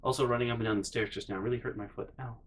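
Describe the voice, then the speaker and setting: A vlog host tells a story in a casual monologue, exasperated and incredulous, ranting with repeated no's. He sounds sick and a little out of breath, speaking very fast in a mid-range voice with fairly even intonation.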